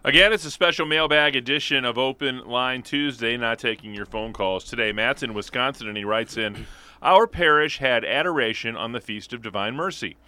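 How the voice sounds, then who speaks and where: A man co-hosting a radio show, reading listener letters aloud in a measured, steady way. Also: mid-range voice. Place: radio studio.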